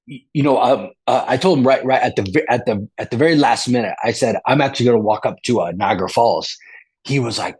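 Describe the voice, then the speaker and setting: A man's voice: medium pitch, breathy edge. A man as a guest, telling a rambling story with lots of restarts and casual slang like "dude" and "bro".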